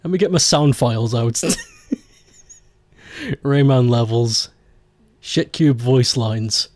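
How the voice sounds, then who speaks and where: A man's voice: medium pitch, slow, darkish tone, no room sound. A man chatting casually on a live stream, joking around, laughing often and swearing freely.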